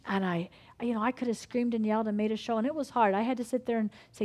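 A woman's voice: a little high, steady tone, fast, a little mellow. A woman preaching a sermon with fervor, acting out prayers and inner dialogue as she goes.

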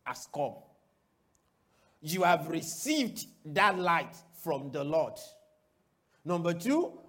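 High-voiced, slow-preaching male pastor. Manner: call-and-response preaching, rhetorical questions; swings between loud declarations and quiet asides. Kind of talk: sermon.

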